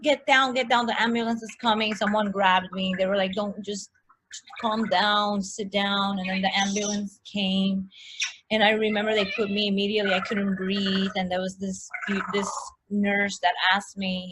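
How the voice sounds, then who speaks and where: A woman telling a personal story as a guest in a casual chat, animated, full of likes and restarts. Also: mid-range voice, moderate pace, background noise.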